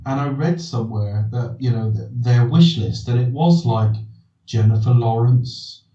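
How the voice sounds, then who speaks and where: A man's voice: medium pitch, measured pace, warm tone. A man hosting a podcast, talking about films in a rambling way, often restarting sentences and asking himself questions. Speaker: podcast host. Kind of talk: casual film discussion. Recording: distant roomy dull recording.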